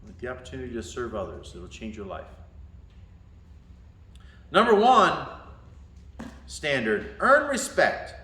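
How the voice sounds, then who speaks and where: A male martial arts instructor talking to his students, a lively storyteller who acts out voices and laughs often. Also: mid-range voice, measured pace, pauses often. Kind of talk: talk to students. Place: indoor training room. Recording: echoey room.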